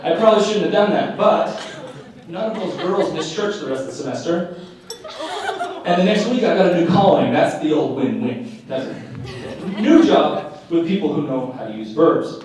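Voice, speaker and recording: A man's voice: fairly high pitch, lively intonation, moderate pace, far from the mic, a crowd in the background. Wry man telling stand-up stories. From Utah. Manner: wry, self-deprecating punchlines. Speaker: stand-up comedian. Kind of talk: live stand-up storytelling. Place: live performance hall with audience. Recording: echoey live room, mic picks up from afar.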